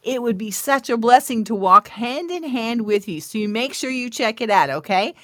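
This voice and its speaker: A middle-aged woman hosting a faith podcast as a life coach, moving from soft prayer to bubbly, laughing chatter with her listeners. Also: fairly high pitch, animated, moderate pace, dry recording, clean studio sound.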